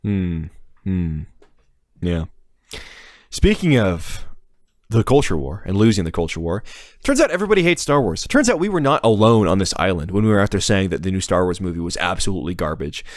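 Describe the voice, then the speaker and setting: Man, low voice, very lively pitch, dry close sound, sarcastic podcast host. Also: a little fast, no echo. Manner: mocking, sarcastic, repeats words while searching. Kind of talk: casual political podcast chat.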